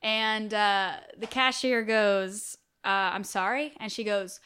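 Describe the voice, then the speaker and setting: A young woman co-hosting a casual podcast, telling stories in a blunt, profane, animated way. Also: mid-range voice, slow, few pauses, clear, resonant tone. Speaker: podcast co-host. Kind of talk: casual chat.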